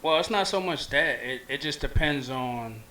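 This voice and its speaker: A man's voice: on the high side, expressive, moderate pace, pushed and bright, echoey room, a little hiss or hum, low-quality recording. A man co-hosting a casual radio talk show, laid-back and slangy, giving advice. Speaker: radio co-host.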